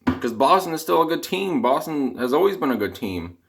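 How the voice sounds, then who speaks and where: A man's voice: a little high, big pitch swings, brisk, vocal fry, a little hiss or hum. A young Canadian man ranting casually to camera in a rambling, dejected, exasperated way, his voice cracking at times. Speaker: vlogger, hockey fan.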